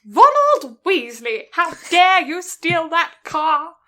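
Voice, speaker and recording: A woman's voice: high-pitched, drawn-out words, pushed and bright, exaggerated voice. A British woman putting on a bossy, prim young schoolgirl witch in a jokey impression. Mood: indignant.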